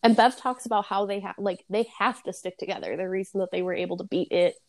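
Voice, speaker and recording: A woman's voice: mid-range voice, fast talker, gravelly. A young woman co-hosting a podcast, chatting about a movie, swearing freely and reacting with laughs and gasps. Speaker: podcast co-host. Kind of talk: casual movie recap chat.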